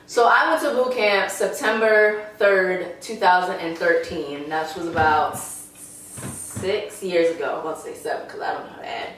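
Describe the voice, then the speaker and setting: A young woman guest in a casual chat over food, laid-back and slangy, quick to laugh. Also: lowish voice, a bit bright, distant mic, slight background noise. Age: young adult. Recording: echoey room, off-mic.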